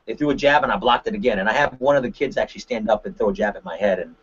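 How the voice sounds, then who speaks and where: A man, a martial arts instructor, giving a webinar talk with lively examples and frequent "right?" tag questions. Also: fairly low pitch, rapid-fire, slightly rough. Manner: animated, acts out examples with shifting voices. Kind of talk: webinar presentation. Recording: dull lo-fi webinar audio.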